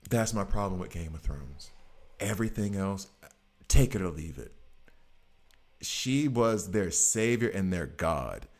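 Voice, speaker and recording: Animated low-voiced gaming streamer. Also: male voice. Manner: animated, rambling, jokey, breaks into quick voices. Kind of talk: casual chat while gaming.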